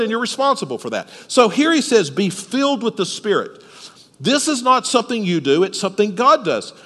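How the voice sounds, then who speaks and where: A man's voice: high-pitched, a bit bright, big-room sound. A man preaching a sermon at a church service, explaining step by step and asking the listeners questions. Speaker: pastor.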